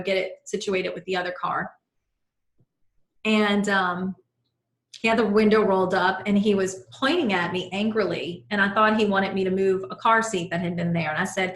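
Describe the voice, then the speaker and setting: A middle-aged woman with a mid-range, fairly bright voice leads an online life-coaching class over a live video call. She earnestly guides listeners through breathing and shares personal stories, and the video-call audio sounds roomy.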